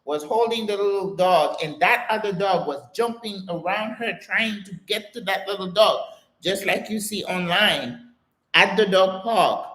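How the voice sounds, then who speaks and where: An older American woman hosting a live question-and-answer stream, reading viewer comments aloud and telling stories in a chatty, animated way. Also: mid-range voice, a little slow. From United States. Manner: chatty, animated storytelling with exclamations and laughter. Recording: echoey room sound.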